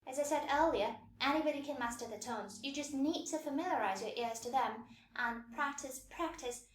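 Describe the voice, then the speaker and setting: A woman giving a patient, scripted pronunciation lesson, demonstrating sounds slowly and clearly. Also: high voice, roomy sound, slight background noise. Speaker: language teacher.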